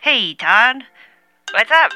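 Woman doing a loud hearty grown man. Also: a little high, sing-song, takes it slowly, very noisy. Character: grown-up man who was a childhood friend, brash. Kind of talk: improvised comedy bit.

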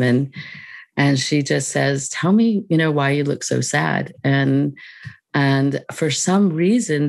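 A woman guest on a podcast, telling a personal story in a reflective, unhurried way, laughing lightly between thoughts. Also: sits low, gravelly, dry recording. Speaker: podcast guest, mindfulness teacher.

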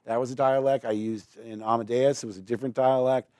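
An American voice actor tells stories in a casual interview, rambling quickly with many restarts and asides. His voice sits in an ordinary middle range. The recording is dry, with no room sound. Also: mid-range voice, steady tone, dark tone, no room sound.

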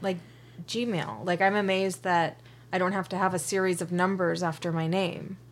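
A woman co-hosting a casual podcast, relaxed and quick to agree. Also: lowish voice. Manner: relaxed, chiming in with short agreements. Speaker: podcast co-host.

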